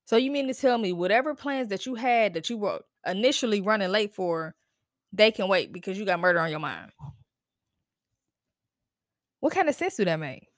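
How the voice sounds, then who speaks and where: A woman rants alone on her podcast, blunt and full of profanity. She fires off disbelieving questions in a voice of middling pitch. The close mic sounds dry, with no room around it. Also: a little fast, dry recording. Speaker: podcast host. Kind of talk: casual solo podcast rant.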